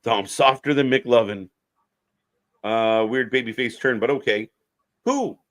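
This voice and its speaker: A man's voice: mid-range voice, fairly even intonation, unhurried. A man co-hosting a live wrestling stream in a laid-back, casual way, reading out chat comments and laughing often.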